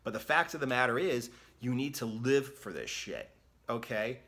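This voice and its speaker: A man of middle pitch delivers a blunt fitness rant straight to camera. He swears freely, mocks excuses in quick quoted asides, and drives each point home with a pushy "okay?". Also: lively intonation, a bit bright. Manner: blunt and profane, repeats "okay?". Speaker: fitness coach. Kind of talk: direct-to-camera motivational rant.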